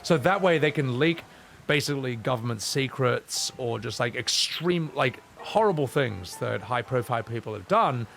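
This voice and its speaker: A man's voice: medium pitch, lively intonation, normal speed, creaky, fairly bright tone, slight background noise. A man streaming a video game, talking casually in a rambling, profane way. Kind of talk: gaming stream commentary.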